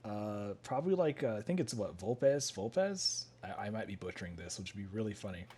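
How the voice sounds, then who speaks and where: A man's voice: lowish voice, sing-song, brisk, noisy background. A young man hosting a casual podcast, rambling with lots of fillers and laughing often. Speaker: podcast host. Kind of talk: casual chat.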